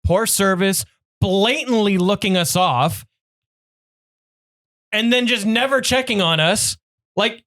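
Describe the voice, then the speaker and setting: Laid-back male podcaster, slightly high voice. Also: a bit bright, no echo, studio quality. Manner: laid-back storytelling, laughs while talking. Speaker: podcast co-host. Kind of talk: casual chat.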